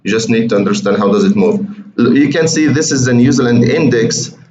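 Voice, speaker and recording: A man's voice: medium pitch, fairly even intonation, fairly quick, a little mellow. A man walking viewers through trading charts in a chatty, repetitive way, often calling them guys. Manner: conversational, repeats words, addresses viewers as guys. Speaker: trading educator. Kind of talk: screen-share chart walkthrough. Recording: roomy, muffled, faint hiss.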